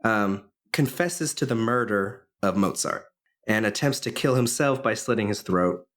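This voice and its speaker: Rambling man co-hosting a podcast. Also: on the low side. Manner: rambling, many fillers and restarts. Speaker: podcast co-host. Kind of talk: casual chat, retelling a film plot.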